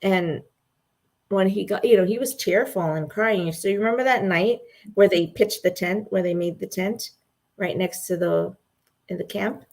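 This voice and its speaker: A woman's voice: mid-range voice, moderate pace, creaky. Gushing woman in a casual fan chat. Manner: gushing, animated storyteller who laughs often. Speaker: co-host.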